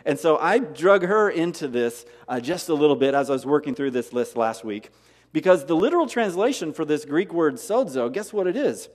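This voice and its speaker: A male pastor delivers a sermon with a lively, swooping delivery and a slightly high voice. He drives points home with rhetorical questions and repeated phrases. His voice carries a long reverb from the church hall. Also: moderate pace. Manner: animated preaching with rhetorical questions and emphatic repetition. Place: church sanctuary.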